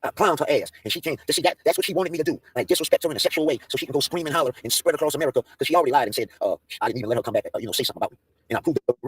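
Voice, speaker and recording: A livestream host rants heatedly, his male voice slightly high, husky, and rapid-fire with no echo. He's profane and confrontational, repeatedly restarting and repeating himself.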